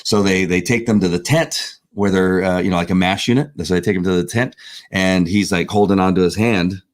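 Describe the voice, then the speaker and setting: A man's voice: sits low, a little fast, no room sound, studio quality. A man co-hosting a faith podcast, chatting casually and telling stories with lots of fillers and restarts. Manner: animated storyteller with frequent fillers. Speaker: podcast co-host. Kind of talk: casual chat.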